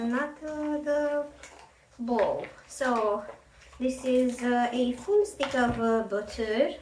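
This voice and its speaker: A high-pitched woman talks in an unhurried way as she cooks, chatty and poking fun at herself. She sounds set back from the mic in a roomy home kitchen, with a faint hiss under her voice. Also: recorded from a distance. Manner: chatty, self-deprecating, thinks aloud while cooking. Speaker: cooking vlogger. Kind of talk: casual cooking chat. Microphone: camera at a distance, face out of frame.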